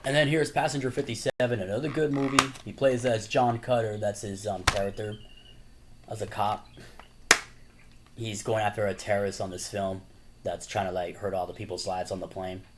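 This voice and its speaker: A man's voice: steady tone, moderate pace, noisy background. A man chatting casually as a YouTuber, rambling with lots of "you know" and "like" and often laughing. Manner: laughs often while talking; acts out movie quotes in a higher voice. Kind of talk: casual chat.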